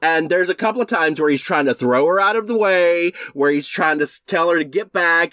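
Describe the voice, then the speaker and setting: A man's voice: on the high side, a little fast, hardly any pauses, bright, forceful tone, dry recording. A man co-hosting a casual film podcast, blunt and opinionated, swearing and ranting for laughs. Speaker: podcast co-host.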